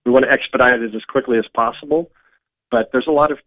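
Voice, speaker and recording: A man's voice: mid-range voice, steady tone, fast talker, no room sound. Hesitant man on a tinny phone line. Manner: hesitant, many ums and uhs. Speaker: community services director. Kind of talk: radio phone interview.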